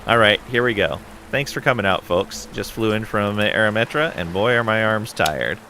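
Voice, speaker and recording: A man's voice: fairly low pitch, normal speed, sharp tone, a little hiss or hum. A man voicing a cocky male stage comedian telling corny jokes with punchy timing. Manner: punchy joke-telling delivery.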